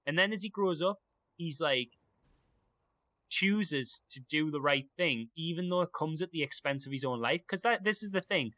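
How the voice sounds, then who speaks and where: A man's voice: fairly high pitch, animated, normal speed, bright, forceful tone, no echo, lo-fi sound. A young man chatting casually and enthusiastically, rambling with lots of fillers. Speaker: podcast guest. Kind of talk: casual chat.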